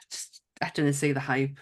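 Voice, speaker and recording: A woman's voice: very deep voice, fairly even intonation, takes it slowly, husky. A woman from England co-hosting a film podcast in casual chat, swearing now and then and often restarting her sentences. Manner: chatty, swears, trails off and restarts. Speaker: podcast co-host.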